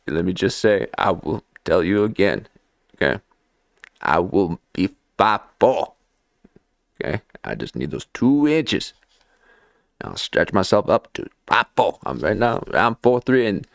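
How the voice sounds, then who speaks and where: Gravelly low-voiced man, keeps asking "okay?". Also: no echo, clean studio sound. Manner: keeps asking "okay?", playful, sing-song jumps; laughs often. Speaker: livestream host. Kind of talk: casual rambling livestream talk.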